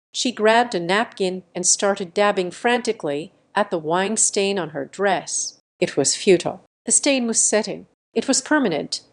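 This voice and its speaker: A woman reading a first-person revenge story aloud in a measured, deliberate scripted narration. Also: medium pitch.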